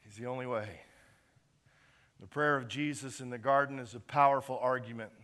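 A male pastor preaching a sermon, swinging between quiet, earnest stretches and loud, emphatic peaks. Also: mid-range voice, moderate pace.

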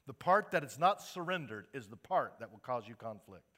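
A man preaching a sermon in church, building to emphatic, impassioned peaks and then dropping to a quiet, earnest tone. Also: mid-range voice, animated, fairly quick, few pauses. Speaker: pastor.

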